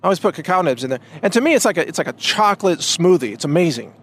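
A man on his own podcast, his voice pitched a little high for a man. He talks in a loose, rambling monologue, doubling back on his words and leaning hard on emphatic points. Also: very animated, rapid-fire. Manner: rambling, emphatic, many restarts. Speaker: podcast host. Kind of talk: casual monologue.

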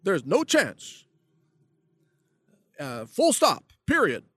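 A man's voice: high-pitched, huge pitch swings, drawn-out words, fairly bright tone, breathy edge, dry recording, exaggerated voice. A man doing a Texas-drawl politician impression. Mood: mocking. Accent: put-on Texas.

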